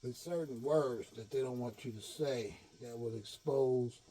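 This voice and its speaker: A man giving a preachy monologue to his followers, animated and full of slang, swinging from shouts to low mutters. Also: a little slow, soft background music. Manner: streetwise slang with cursing. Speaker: online speaker addressing followers.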